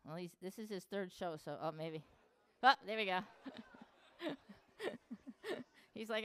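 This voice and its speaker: A woman's voice: fairly low pitch, a little slow, long pauses, clear, resonant tone. A woman animal educator leading a playful live show for children, asking the kids lots of questions as she presents animals in a public hall.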